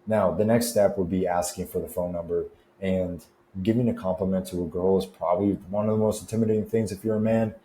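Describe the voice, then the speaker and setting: A man's voice: low-pitched, fairly even intonation, fast talker, mellow. A young man coaching fitness and confidence in a laid-back, slangy, chatty way. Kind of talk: casual advice vlog. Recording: roomy echo with faint noise.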